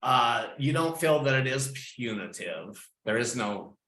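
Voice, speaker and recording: A man's voice: medium pitch, animated, a little slow, bright, forceful tone, reverberant, a little hiss or hum. A man hosting an interview, asking questions with a hesitant, checking-in manner. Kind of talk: casual interview.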